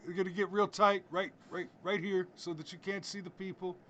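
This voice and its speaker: A man's voice: sits high, level tone, brisk, bright, forceful tone, highs cut off, a little hiss or hum, pitched above the performer's own voice. A man doing an impression of a boastful politician at a rally, repeating himself with indignant emphasis and a raised voice. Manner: emphatic repetitions, indignant crowd-rally cadence.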